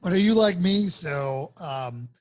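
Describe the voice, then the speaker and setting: A middle-aged man hosting a podcast interview, chatty and jokey, quick to tease his guest. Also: on the high side, expressive, a crowd in the background. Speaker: podcast host, former Navy SEAL. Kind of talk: casual interview conversation.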